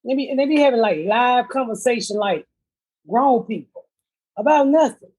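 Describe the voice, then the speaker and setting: A woman's voice: fairly high pitch, normal speed, a little mellow, slightly rough. A middle-aged woman hosting a podcast, telling blunt, profane comedic stories in casual chat.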